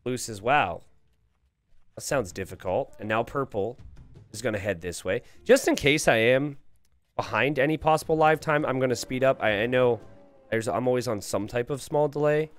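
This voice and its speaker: A man's voice: medium pitch, normal speed, soft background music. A man commentating a strategy game live on stream and reading the chat aloud. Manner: animated, reads viewer chat aloud.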